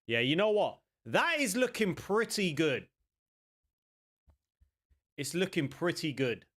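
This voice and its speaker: A young man running a gaming channel reacts to game trailers, chatting excitedly in a rambling, jokey manner. His voice is on the high side and his pace is slow.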